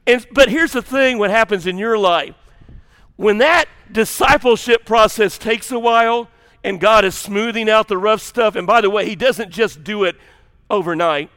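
Male pastor, high, bright voice, animated and rambling with self-deprecating asides. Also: moderate pace, clean tone, big-room sound. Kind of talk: sermon.

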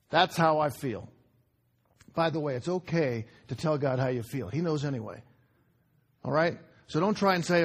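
A man preaching a sermon, moving from loud urgent outbursts to quiet hushed emphasis, repeating phrases and asking the congregation questions. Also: high-pitched, expressive, moderate pace. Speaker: pastor.

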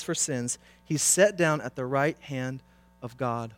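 A male pastor preaching a sermon, swinging from loud, impassioned urging to hushed pleading. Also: medium pitch, slow, no echo, soft background music.

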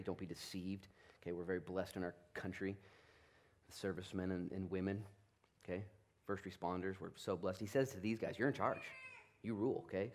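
Man, pastor, sermon, fairly low voice, animated, acts out figures in voices. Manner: animated, plays out Bible figures in quick voices.

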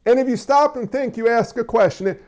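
Man, sermon, high voice, conversational, talks straight to the congregation, stumbles and restarts. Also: fairly quick, a little mellow, lo-fi sound. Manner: conversational preaching, addresses the congregation directly; frequent stammered restarts. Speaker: pastor.

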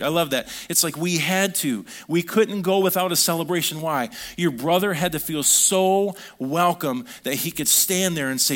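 A man preaching a sermon, reading scripture aloud and acting out the quoted lines with lively swings in his delivery. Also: a little high, normal speed, hardly any pauses. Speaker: pastor.

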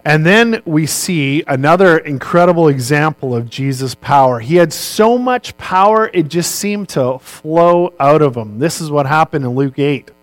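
A man's voice: fairly high pitch, expressive, unhurried, hardly any pauses, dry recording, rough recording. A male pastor giving a sermon in a conversational way, posing rhetorical questions and answering them himself.

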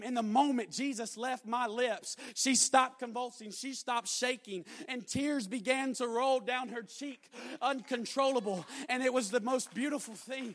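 High-voiced young man preaching. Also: normal speed. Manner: storytelling that builds to loud, emphatic preaching. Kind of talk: sermon.

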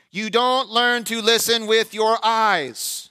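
A man's voice: high-pitched, moderate pace, hardly any pauses, pushed and bright. A male pastor delivering a sermon who asks the congregation questions and briefly acts out their replies.

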